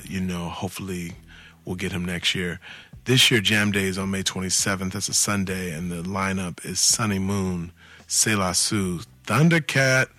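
A man's voice: deep voice, bright, forceful tone, no echo. A man hosting a casual community talk show, chatty and enthusiastic, drifting into friendly tangents. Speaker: host.

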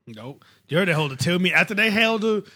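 A man's voice: high voice, expressive, quick pace, pushed and bright. A man co-hosting a casual sports chat, joking and mocking, with free cursing. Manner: joking, mocking retellings, curses freely. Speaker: sports podcast co-host.

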